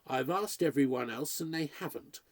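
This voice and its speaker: A man's voice: on the high side, moderate pace, no room sound, natural voice. A man voicing an old-fashioned butler, worried and gossipy, talking in a grumbling, confidential way.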